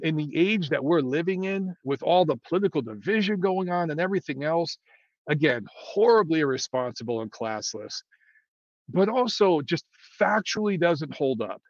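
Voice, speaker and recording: This fairly high-pitched man is a boxing commentator talking casually to his viewers, sharing blunt opinions that ramble and are packed with fillers and false starts. The sound is dry, dull and lo-fi.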